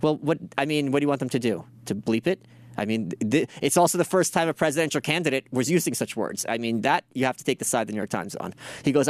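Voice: medium pitch, lively intonation, quick pace, no room sound. A podcast host giving profane, sarcastic commentary on video clips and mocking the people in them. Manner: sarcastic, mocking, swears a lot; mimics others in put-on voices.

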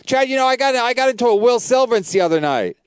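A man's voice: very high voice, animated, fast talker, clean tone, dry recording. A man, a comedian and podcast host, telling rambling profane stories in casual chat.

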